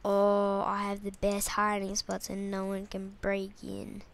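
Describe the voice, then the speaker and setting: A woman giving goofy, excitable let's play commentary while playing a game, talking to herself and the viewers. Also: mid-range voice, a little slow, creaky. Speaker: gamer.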